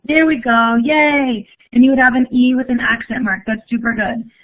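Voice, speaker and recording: A woman's voice: on the high side, moderate pace. A young woman teaching a live online lesson, upbeat and encouraging as she reads answers from the chat. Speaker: Spanish teacher. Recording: phone-like narrow audio.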